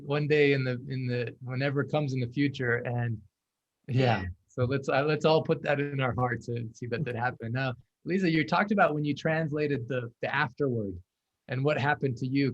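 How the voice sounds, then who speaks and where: A man's voice: medium pitch, normal speed, highs cut off. A man hosting a video call with translators, talking in an effusive, upbeat way and laughing often. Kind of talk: casual video call chat.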